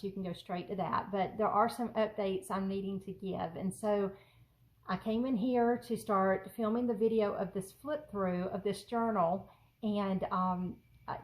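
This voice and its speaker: A woman's voice: medium pitch, low-quality recording. Giggly rambling woman vlogger. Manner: rambling and giggly, many fillers. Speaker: journaling vlogger. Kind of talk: casual chatty vlog. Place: home craft room.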